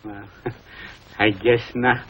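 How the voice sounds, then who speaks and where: An actor playing a kindly, excitable older family man with an animated, chuckling delivery. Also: lowish voice, takes it slowly, slightly rough, full character voice. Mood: hesitant, gentle. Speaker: family father and uncle. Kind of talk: 1950s TV sitcom acting. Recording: dull lo-fi 1950s TV audio with faint hiss.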